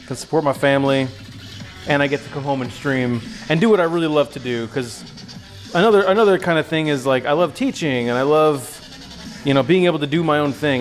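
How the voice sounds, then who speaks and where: A man streaming a casual cooking lesson from his home kitchen, rambling and joking with his chat. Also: on the high side. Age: adult. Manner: rambling, jokey, talks to chat.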